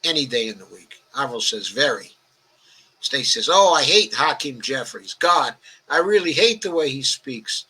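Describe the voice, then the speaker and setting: An elderly man in his 80s from the Bronx, New York, hosts a political livestream, reading viewer comments and answering them in a rambling, conversational way full of "okay" and "uh." His medium-pitched voice is animated, sharp, and slightly rough, at normal speed, and the recording is low quality.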